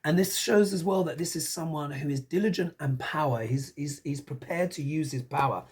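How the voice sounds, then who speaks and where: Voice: medium pitch, normal speed, husky. A tarot reader giving a casual, musing reading, talking it through aloud and often tossing in rhetorical questions.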